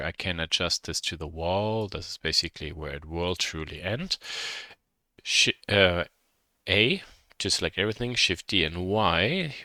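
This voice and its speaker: A man with a German accent teaching a software modeling lesson, thinking aloud and correcting himself as he works. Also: low-pitched, dry recording, clean studio sound. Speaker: instructor.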